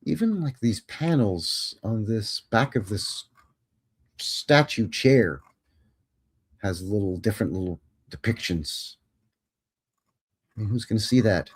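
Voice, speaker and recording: A man's voice: on the low side, animated, slow, long pauses, husky. A man hosting a live show who comments casually on photos, with a wry and joking manner that turns easily to amazement. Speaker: host.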